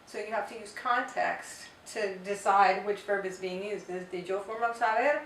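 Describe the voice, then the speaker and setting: A woman teaching a grammar lesson, explaining step by step and repeating example phrases slowly. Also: mid-range voice, a bit bright, slight background noise. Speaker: Spanish teacher. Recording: echoey room, voice from far off.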